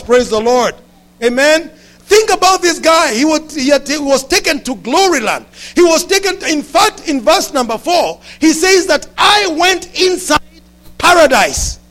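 A pastor delivers a sermon in a strikingly high-pitched male voice. He talks to the congregation in an animated way, climbing to shouts and dropping into quick asides.

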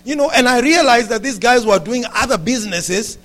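Brief: male pastor, very high voice, lively sermon delivery with shouted peaks. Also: fairly quick. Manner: animated preaching, rising to shouts, with frequent asides to the congregation.

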